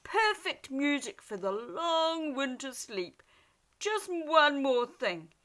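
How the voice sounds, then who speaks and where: A tired, cross little male dormouse from a storybook, squeaking high and scolding at full volume, played by a woman reading aloud. His voice is bright and sharp, and it jumps all over the place as he tells everyone off. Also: big pitch swings, slow, full character voice. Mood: bossy. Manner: scolding, shouting.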